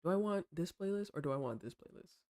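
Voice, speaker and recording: A woman streamer chatting casually and critiquing art, playful and slangy, teasing her chat and explaining ideas slowly. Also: on the low side, lively intonation, dark tone. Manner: explains slowly and repeats herself while drawing.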